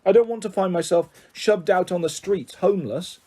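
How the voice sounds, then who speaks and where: A man's voice: high voice, normal speed, mellow. A man voicing a self-centred middle-aged aunt who talks in a chatty, bossy and dismissive way.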